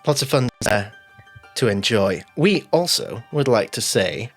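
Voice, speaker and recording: A game master rattles through shout-outs with a lively, swooping pitch, rambling and laughing at their own slips. The talk is loose and playful, with the odd cheerful swear. Soft music plays underneath. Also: measured pace. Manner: animated, rambling, self-mocking, swears playfully. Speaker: game master and show host. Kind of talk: lively sponsor and channel announcements before a tabletop game stream. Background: faint background music.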